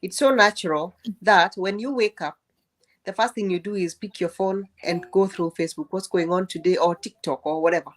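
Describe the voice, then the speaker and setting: A woman's voice: fairly low pitch, fairly quick. A woman sharing her experience on a group call, thoughtful and asking rhetorical questions with a few false starts. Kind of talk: casual group chat.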